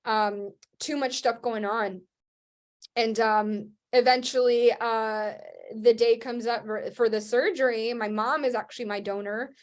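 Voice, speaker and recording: A woman's voice: a little high, fairly even intonation, measured pace. A young woman, a guest on an interview show, tells her personal story in a rambling, casual way and acts out what other people said. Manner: rambling with many fillers and restarts. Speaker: guest, Christian rock singer.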